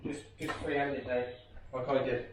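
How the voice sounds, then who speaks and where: A man's voice: medium pitch, flat delivery, moderate pace. Brief: man, electrician, teasing and instructive on site, recorded distant in a roomy bathroom with noise. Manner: joking, instructive banter. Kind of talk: casual on-the-job chat. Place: bathroom being renovated. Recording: echoey room, distant mic, noisy.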